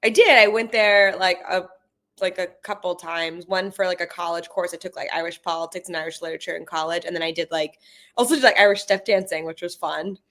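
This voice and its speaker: A woman's voice: on the low side, steady tone, fairly quick, a bit bright. A young woman guesting on a podcast, joking and rambling with lots of fillers. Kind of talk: casual chat.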